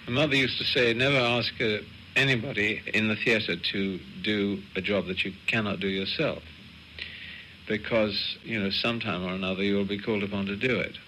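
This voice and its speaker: A man speaking in an archive interview, reflective and halting. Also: on the low side, steady tone, pushed and bright, a little hiss or hum, rough recording.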